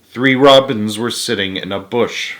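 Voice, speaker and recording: A man's voice: fairly low pitch, a little slow. A man reading a children's picture book aloud, adding playful asides. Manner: animated, with asides to listeners. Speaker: storybook reader.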